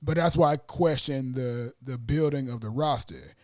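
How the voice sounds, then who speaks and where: A man hosting a casual sports podcast, talking fast and acting out his own stunned reactions. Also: medium pitch, a little mellow, no room sound, clean studio sound. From Atlanta area. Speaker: podcast host.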